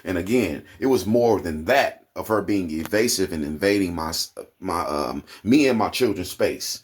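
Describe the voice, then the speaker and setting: Casting: Oklahoma man, low husky voice, heated profane vlog rant. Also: animated, normal speed. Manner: profane, heated, rising to high indignant peaks. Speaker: vlogger. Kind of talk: angry rant to camera.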